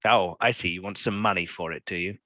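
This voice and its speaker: A man's voice: low-pitched, steady tone, fairly quick, bright, forceful tone, dry recording, highs cut off, voice pushed down. A man voicing a grumpy, scrawny old male mage with curt, dismissive speech in a tabletop game.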